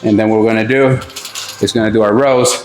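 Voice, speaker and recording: A man's voice: on the low side, steady tone, fast, a little mellow. A middle-aged man coaching a back workout, out of breath between sets and swearing casually as he explains each move. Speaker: fitness coach. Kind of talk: workout instruction. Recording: echoey room with faint music.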